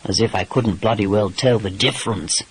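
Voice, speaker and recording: A man doing a gruff English lord. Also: fairly low pitch, normal speed, a little hiss or hum, voice pushed down, lightly acted, rough recording. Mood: exasperated. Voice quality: dry, exasperated, swears mildly. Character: gruff English lord, former pirate husband.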